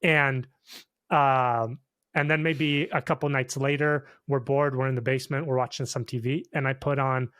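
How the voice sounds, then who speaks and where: A man's voice: medium pitch, moderate pace, no room sound. Brief: easygoing male co-host, conversational, close and dry mic sound. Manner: relaxed, checks in with the listener, says "dude" and "okay?". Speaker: podcast co-host. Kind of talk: casual chat.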